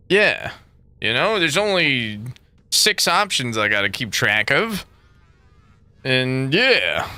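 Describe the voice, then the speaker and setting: A young man chats casually on his livestream, rambling and profane and quick to laugh. His voice is very bright and sits a little high, swinging widely in pitch. The sound is dry and close. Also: clean tone, no echo. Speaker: game streamer.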